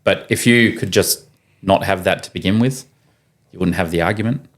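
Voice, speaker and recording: This podcast guest has a low-pitched voice and speaks at a moderate pace. Sitting in a studio room, he shares stories in a casual, conversational way, animatedly performing the quoted voices.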